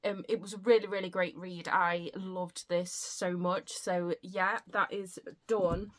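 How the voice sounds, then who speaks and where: A woman chatting casually in a reading vlog, rambling and warm-hearted about books. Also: fairly low pitch, little pitch movement, unhurried. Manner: chatty, rambling, emotional when grateful. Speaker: book vlogger.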